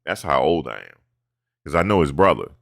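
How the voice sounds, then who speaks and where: A man with a very low voice rants about football in a loose, profane, animated way. He slips into mocking impressions of players' interview clichés. The sound is dry and close. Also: brisk, gravelly, no echo. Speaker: sports commentary host. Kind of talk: casual sports talk.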